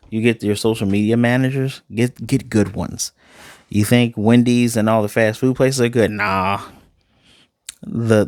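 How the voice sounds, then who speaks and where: An excited Chicago TV reviewer talks casually through an episode, circling back to the same phrases again and again. The voice is a little mellow and fairly low in pitch, captured with clean studio sound and no audible room.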